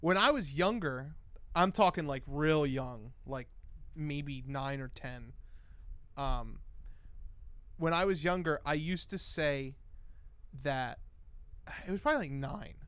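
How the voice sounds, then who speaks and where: A young man chatting on a late-night stream, his voice smooth and clear and a little high. He rambles and swears as he reads the chat. The sound is dry and close. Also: slow pace, fairly bright tone, no room sound. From Cuban. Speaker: livestream host.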